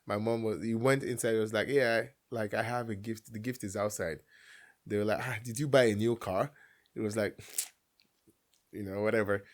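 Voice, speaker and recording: A man's voice: on the low side, a little fast. Young Nigerian man telling a story. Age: young adult. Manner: animated storyteller, acts out family dialogue with laughs. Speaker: guest. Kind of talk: casual storytelling chat.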